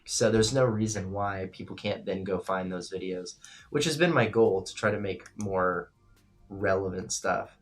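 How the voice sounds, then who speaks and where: Man, lowish voice, late-night live stream host, casual rambling chat, reads comments aloud, faint music underneath. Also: normal speed. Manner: rambling, reads chat aloud, calls viewers bro and brother.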